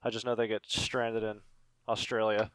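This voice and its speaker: A man's voice: lowish voice, flat delivery, moderate pace, fairly bright tone, clean tone, dry recording. A man on a casual podcast panel, hesitant and full of fillers as he recalls things. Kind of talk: casual chat.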